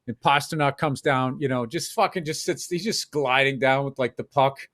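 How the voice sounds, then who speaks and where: A man's voice: medium pitch, moderate pace, fairly bright tone. A man co-hosting a comedy podcast, telling profane stories animatedly and acting out other people's voices. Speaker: podcast co-host. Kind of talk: casual comedy chat.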